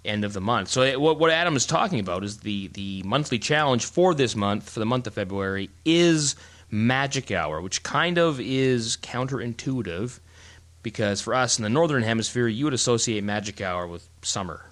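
A middle-aged man co-hosting a casual chat, telling stories in a rambling, animated way with many restarts. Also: medium pitch, normal speed. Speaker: podcast co-host.

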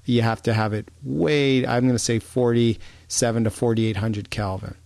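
Halting, relaxed man, dry sound. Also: medium pitch, vocal fry, dry recording. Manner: relaxed, halting, repeats words. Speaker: podcast co-host, photographer. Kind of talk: casual chat.

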